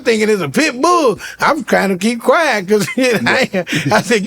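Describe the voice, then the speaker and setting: A middle-aged man with a raised, gravelly voice, spinning comic stories in a relaxed chat. He bursts into shouts and laughter as he acts out the people in them. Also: sits high, moderate pace, hardly any pauses. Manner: loud, shouting punchlines, laughing, acting out voices. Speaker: comedian guest. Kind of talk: animated storytelling chat.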